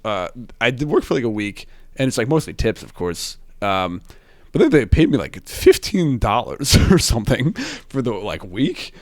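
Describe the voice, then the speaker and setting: A man's voice: medium pitch, sing-song, moderate pace, dry recording. Rambling young man telling stories, dry sound. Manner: rambling storyteller, many fillers and restarts. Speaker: podcast host. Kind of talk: casual chat.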